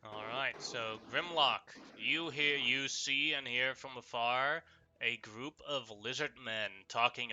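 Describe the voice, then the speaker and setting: A man's voice: medium pitch, bright, forceful tone. A man game master narrating a live tabletop game in a loose, filler-heavy way.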